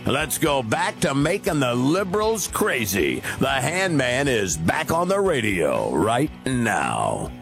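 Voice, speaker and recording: A male radio announcer delivers a station bumper in a showy, sing-song style. His pitch leaps all over the place. A loud music bed plays under his voice. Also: huge pitch swings, slow, vocal fry, hardly any pauses.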